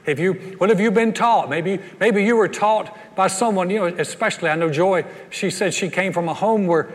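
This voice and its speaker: Pastor in his sixties, folksy storyteller with a high voice, recorded in a reverberant hall. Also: moderate pace. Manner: folksy storytelling, frequent stammered repeats. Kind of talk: sermon.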